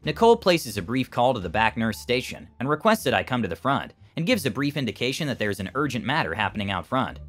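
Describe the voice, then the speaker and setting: A man reading out an online story as the narrator, in an expressive storytelling way. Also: mid-range voice, fast talker, hardly any pauses.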